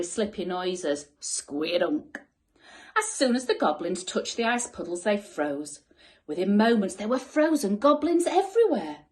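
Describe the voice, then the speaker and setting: Slow, expressive woman reading a bedtime story. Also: mid-range voice. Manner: expressive, dropping to soft whispers. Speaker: school teacher.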